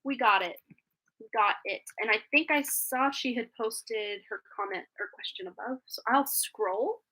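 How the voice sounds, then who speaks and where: A woman talks through a live tarot stream in a loose, rambling way, laughing often between thoughts. Her voice is bright and sits a little high, with a slight phlegmy catch left over from being sick. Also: moderate pace. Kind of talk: casual live-stream chat.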